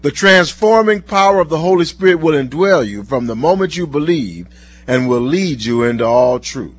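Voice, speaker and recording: Male preacher, husky, lively pitch, earnest sermon delivery, lo-fi sound. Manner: earnest, slowing down for scripture. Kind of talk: sermon with told stories and scripture reading. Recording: dull lo-fi recording.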